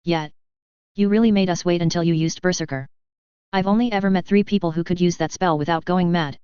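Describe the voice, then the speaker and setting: A woman reading a blunt, sharp-tongued mage. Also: on the low side, brisk, clear, resonant tone, no echo, muffled recording, lightly acted. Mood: incredulous.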